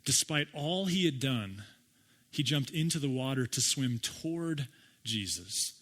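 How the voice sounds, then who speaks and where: A man's voice: medium pitch, lively intonation, measured pace, fairly bright tone. A man preaching a sermon as pastor, in a conversational way, often asking his listeners rhetorical questions.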